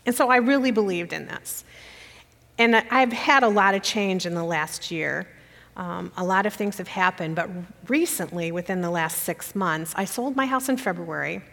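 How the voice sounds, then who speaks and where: A woman speaks to a congregation in a church sanctuary, her voice carrying a long hall reverb. She talks plainly and personally, emotional and close to tears. Her pitch sits in the middle of the usual female range. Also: a bit bright. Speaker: guest speaker.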